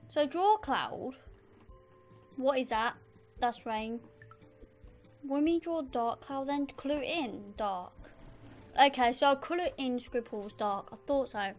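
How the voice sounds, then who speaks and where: A woman giving chatty let's play commentary, easily excited and talking straight to her viewers. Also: sits high, slow, long pauses, faint music behind. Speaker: gamer.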